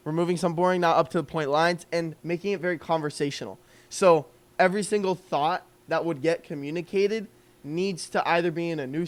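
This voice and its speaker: Casual young man coaching on a call. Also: on the high side. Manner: loose and conversational, filler-heavy, thinking aloud. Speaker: copywriting coach.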